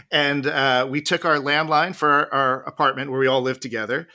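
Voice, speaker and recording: A man's voice: mid-range voice, fairly even intonation, normal speed, sharp tone. A man guest on a podcast, telling long, rambling stories with many restarts and laughs. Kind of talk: casual storytelling interview.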